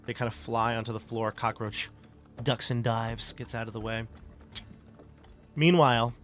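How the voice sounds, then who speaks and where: A man's voice: mid-range voice, steady tone, normal speed, a bit bright. Rambling male game master. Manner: loose, rambling narration full of "like" and "you know". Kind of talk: narrating a tabletop game.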